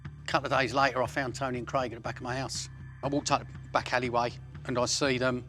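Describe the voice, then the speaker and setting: A man's voice: mid-range voice, little pitch movement, fast talker, music in the background. A man, recounting a violent episode in blunt, coarse words. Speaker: interviewee.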